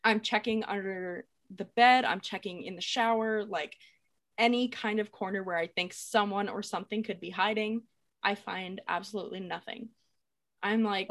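Young woman chatting thru a ghost story, swears n laughs a lot, average pitch, dry mic. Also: normal speed, a bit bright, no room sound. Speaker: podcast co-host. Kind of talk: casual storytelling.

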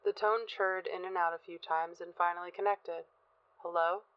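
A woman narrating a first-person horror story in a measured, tense manner. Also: on the low side, fairly even intonation, clear, resonant tone, no room sound. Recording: dull, dry, lo-fi sound.

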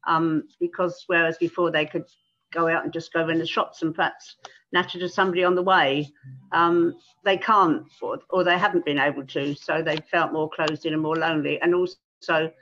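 An older woman talks in a gentle, halting way, stopping often to restart her sentences. Her voice comes through a dull, muffled call line with little clarity. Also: deep voice, steady tone. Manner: gentle, hesitant, many ums and restarts. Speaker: guest, retired pastoral carer. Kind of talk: casual conversation.

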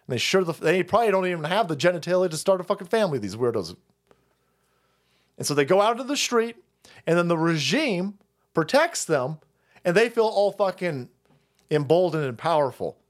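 A man hosts a live stream in a fiery, profane rant. His voice swings widely between high and low as he mocks and scoffs. The delivery stays loose, heated and unscripted. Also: big pitch swings, a little fast. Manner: profane, heated, mocking rant with frequent laughs. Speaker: streamer host. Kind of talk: ranting live-stream commentary.

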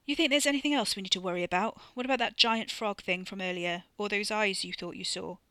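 A woman reading a jittery young man, rambling, bright voice, dry studio sound. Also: high-pitched, fast, clean tone, dry recording. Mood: wary. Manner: nervous, rambling, stammering. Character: anxious young man guarding his sister.

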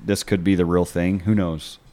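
A man co-hosting a casual podcast, speaking in a measured, agreeable way. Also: low voice, little pitch movement, warm tone. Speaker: podcast co-host. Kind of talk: casual chat.

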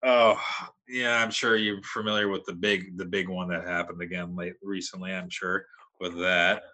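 A man's voice: low voice, flat delivery, normal speed, sharp tone. A man in his thirties, a podcast guest, telling stories in a rambling, laid-back way. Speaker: podcast guest, metal vocalist. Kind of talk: casual storytelling chat.

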